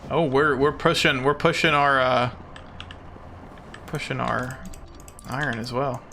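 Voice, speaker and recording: A man's voice: mid-range voice, level tone, a little slow, bright, forceful tone, slight background noise. A man streaming a game as a VTuber, chatting casually with his viewers in a playful, self-mocking, jokey way.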